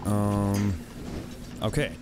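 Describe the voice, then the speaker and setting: A man giving casual gameplay commentary as host of a let's play, thinking aloud in a musing, halting way. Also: lowish voice, little pitch movement, noisy background. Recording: game music clearly behind.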